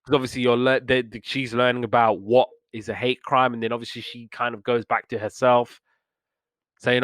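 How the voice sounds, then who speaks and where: A man's voice: medium pitch, little pitch movement, moderate pace, a bit bright, dry recording. Earnest man recapping a cartoon. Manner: earnest plot retelling, acting out characters' lines. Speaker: podcast host reviewing old cartoons. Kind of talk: casual chat.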